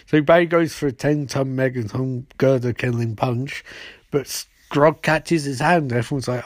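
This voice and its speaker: A man's voice: mid-range voice, darkish tone, no room sound. Man, podcast host, casual recap, sarcastic, rambling, dry close sound. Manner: rambling, sarcastic retelling with quick voiced quotes.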